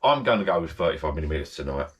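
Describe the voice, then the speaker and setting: A man's voice: extremely low pitch, very animated, very fast, a bit bright, dull audio. A man hosting a casual vlog from his backyard garden shed bar, rambling and repeating himself as he chats straight to his viewers. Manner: rambling, repeats himself, friendly direct address. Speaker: channel host.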